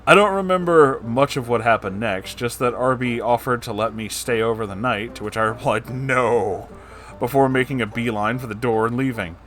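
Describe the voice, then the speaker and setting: Dude reading a story out loud, cutting in w sarcastic swear-y comments, mid pitch. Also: male voice, brisk, few pauses. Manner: casual, sarcastic asides, swears. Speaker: story narrator.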